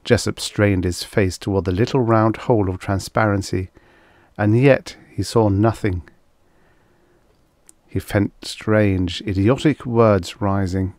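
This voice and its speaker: A man narrating a vintage science fiction story in a steady, measured reading. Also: lowish voice, no echo, studio quality. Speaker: audiobook narrator.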